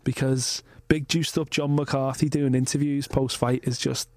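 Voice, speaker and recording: A man's voice: mid-range voice, level tone, a little slow, a little mellow, no echo. Man, podcast host, rambling casual chat, swears freely, dry close sound.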